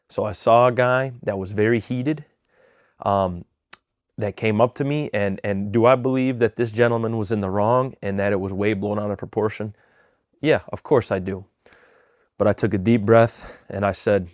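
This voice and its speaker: Man, low voice, earnest, casual storytelling, motivational vlog, dry recording. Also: steady tone, moderate pace, dry recording. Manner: earnest storytelling with fillers and repeats. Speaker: vlogger giving weekly motivation. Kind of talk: casual motivational talk to camera.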